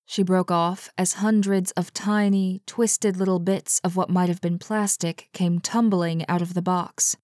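A woman narrating a story aloud in a slow, deliberate way. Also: on the low side, fairly even intonation, darkish tone, no echo, studio quality.

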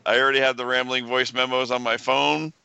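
A man co-hosting a casual podcast, talking in a halting, stuttery way and stumbling over words as he reads. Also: mid-range voice, little pitch movement, vocal fry, sharp tone, clear, resonant tone, no room sound, dull audio. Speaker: podcast co-host.

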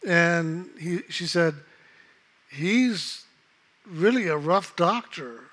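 A man calmly telling a personal story in a reflective, unhurried way, acting out the voices of others in it. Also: a little high. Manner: calm, unhurried, reflective, acts out quoted voices. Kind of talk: casual spoken storytelling.

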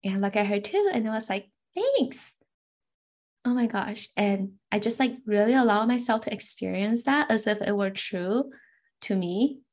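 A woman's voice: mid-range voice, moderate pace, a little mellow. A young adult woman telling a personal memory in an earnest, heartfelt way, often saying "like" and "right". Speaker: personal storyteller. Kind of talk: reflective personal story.

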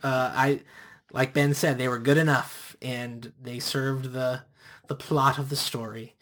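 An easygoing man talking through a movie in casual review chat. He is measured and relaxed, with an ordinary pitch. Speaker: podcast co-host.

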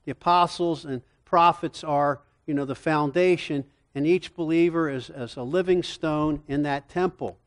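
This is a middle-aged man lecturing to counselors on a Bible book. His voice sits a bit high for a man. He moves energetically from point to point and keeps throwing rhetorical questions at the room. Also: moderate pace, few pauses. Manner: animated, rhetorical questions, acts out dialogue. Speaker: seminar teacher for counselors. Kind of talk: lecture-style Bible teaching.

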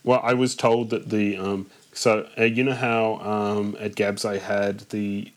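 A man's voice: on the low side, little pitch movement, a little slow. A man hosting a casual chat, talking with many ums and restarts. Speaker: podcast host.

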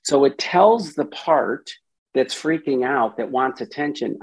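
A man's voice: medium pitch, expressive, a little slow, breathy edge, rough recording. A man speaking as a therapist and podcast guest, explaining ideas at length and briefly acting out inner voices in quotes. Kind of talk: explanatory interview talk.

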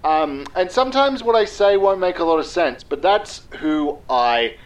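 An Australian man playing a grandiose, meandering mock political candidate in a mock-solemn campaign pitch. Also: expressive, normal speed, close to an everyday voice, rough recording.

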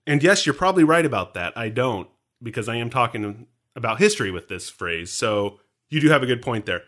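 A man co-hosting a casual movie podcast, joking and sharing trivia in an animated, teasing way. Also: mid-range voice, a little fast. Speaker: podcast co-host. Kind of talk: casual movie commentary chat.

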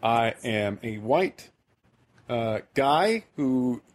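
A man's voice: mid-range voice, expressive, extremely slow, slight background noise. Rambling self-deprecating male podcast host. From American Midwest. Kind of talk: casual podcast chat.

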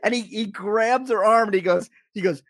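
Man, casual chat, animated storytelling, slightly high voice, dry sound. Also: normal speed, dry recording. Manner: animated storyteller, acts out quotes. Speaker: podcast co-host.

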